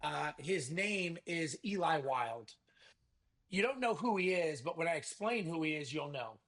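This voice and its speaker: A man, a podcast guest, talking about his business event in a lively salesman's manner and acting out quoted conversations. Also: a little high, unhurried. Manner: energetic salesman, acts out quoted dialogue. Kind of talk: casual interview talk.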